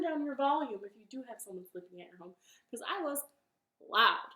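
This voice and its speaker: A woman's voice: on the high side, expressive, fairly quick, sharp tone, echoey room. A woman hosting a children's storytime from her living room, talking cheerfully and directly to young children. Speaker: library storytime host.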